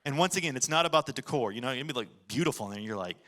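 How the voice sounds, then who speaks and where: A man's voice: mid-range voice, animated, rapid-fire, fairly bright tone. A man preaching a sermon as pastor, with an American accent, telling the story casually and acting out voices.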